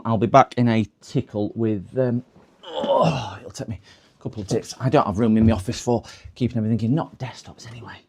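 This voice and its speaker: A man talks through a live stream from his repair workshop. His voice sits a little low, and his casual chat wanders, full of fillers and restarts. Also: dark tone, slight background noise. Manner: rambling, chatty, many fillers.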